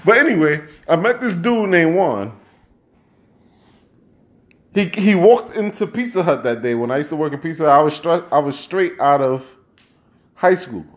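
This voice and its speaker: A man's voice: fairly high pitch, normal speed, long pauses. A man hosting a late-night livestream on a handheld microphone, telling rambling, profane stories and laughing often. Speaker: travel show host. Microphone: handheld microphone and headphones.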